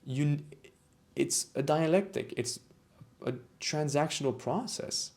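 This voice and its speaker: A man reflects to camera on his own experience as a vlogger on autistic culture, often restarting, repeating phrases and growing emotional at moments. His voice is a little high, slow and creaky, with a darkish tone.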